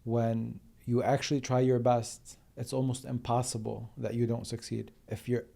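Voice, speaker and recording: A man hosting a podcast speaks with a gravelly, mellow voice. He thinks aloud haltingly, with plenty of "um" and "like", as he reflects on his guest's advice. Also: mid-range voice, flat delivery. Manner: thoughtful, halting, many fillers like "um" and "like". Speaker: podcast host. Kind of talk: casual interview chat.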